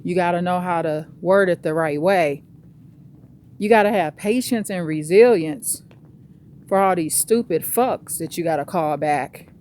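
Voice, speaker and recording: A woman's voice: lowish voice, unhurried, darkish tone, a little hiss or hum. A woman vlogging on a walk outdoors, ranting bluntly with plenty of cursing. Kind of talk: casual vlog monologue.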